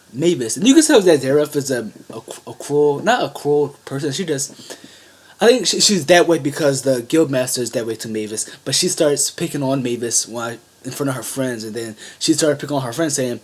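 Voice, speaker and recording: A man's voice: mid-range voice, lively intonation, normal speed, a little mellow, husky. A man recapping an anime episode in a casual, rambling way, with frequent restarts and asides. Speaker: anime reviewer.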